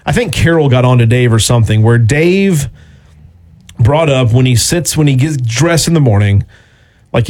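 A man hosting a morning sports radio show from the American South, chatting casually with a playful, emphatic, drawn-out delivery. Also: medium pitch, darkish tone.

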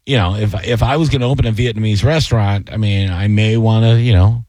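A man co-hosting a casual chat, telling stories in a rambling, animated way with many fillers. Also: fairly low pitch, brisk, dry recording, studio quality. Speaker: co-host, comedian.

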